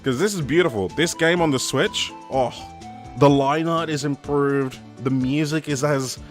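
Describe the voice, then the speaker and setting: A man's voice: on the high side, a little slow, faint music behind. A man with an Australian accent chatting casually while he streams a video game, joking at his own expense. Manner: chatty, self-mocking, trying out voices. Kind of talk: casual live-stream commentary.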